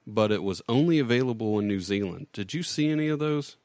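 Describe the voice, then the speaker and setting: A man's voice: fairly low pitch, animated, fairly quick, darkish tone, no echo. A man hosting a podcast, asking his guest curious questions in a casual, easy-laughing way. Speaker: podcast host.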